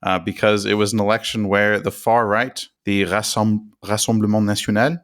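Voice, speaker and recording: A man's voice: on the low side, steady tone, moderate pace. An American man co-hosting a podcast, explaining politics in a chatty, self-deprecating way with fillers and restarts. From United States. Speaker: podcast co-host.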